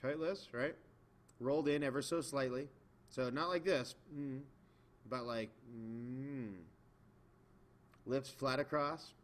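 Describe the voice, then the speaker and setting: A man's voice: mid-range voice, normal speed. A man teaching beginners in a video lesson, patient and demonstrating as he explains. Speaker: music teacher. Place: indoors, in front of a camera.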